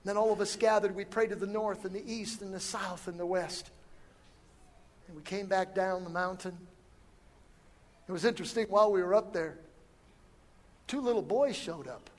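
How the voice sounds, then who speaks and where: A man with a notably high voice delivers a storytelling sermon. He tells the story in an animated way and acts out the dialogue as he goes. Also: normal speed, pauses often.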